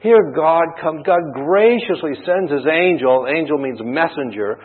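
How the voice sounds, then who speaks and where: A husky-voiced man preaches in a relaxed, storytelling manner, throwing rhetorical questions at his listeners. His voice comes through a thin, tinny line. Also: a little high, measured pace. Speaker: pastor. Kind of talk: sermon. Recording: tinny phone-like band.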